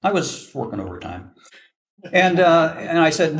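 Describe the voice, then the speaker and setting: A man's voice: on the high side, very animated, measured pace. An older man, a veteran forward air controller, telling a self-deprecating story to an audience and acting out the dialogue. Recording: voice from a distance.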